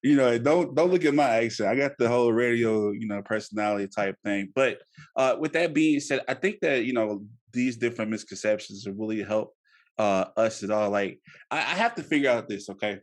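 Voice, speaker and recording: A man in his thirties hosting a casual podcast interview, animated and laughing, often repeating words as he talks. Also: mid-range voice, a little fast. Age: 30s. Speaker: podcast host.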